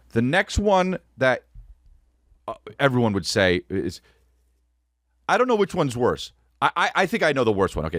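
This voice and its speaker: A man hosting a podcast, telling a comedic story in an animated, profane way, close to the mic. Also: extremely low pitch, no room sound. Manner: animated, profane, peppered with "dude". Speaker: podcast host.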